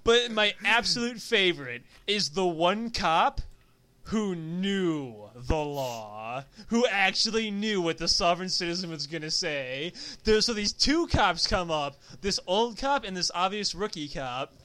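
A man's voice: sits high, lively intonation, a little slow, pushed and bright. A man telling stories in casual chat, rambling and profane, with lots of filler words. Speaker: storyteller.

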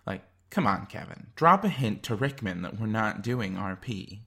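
A man's voice: on the low side, lively intonation, normal speed, vocal fry, bright, forceful tone, breathy edge. A man narrating a scripted video essay in a wry, enthusiastic way.

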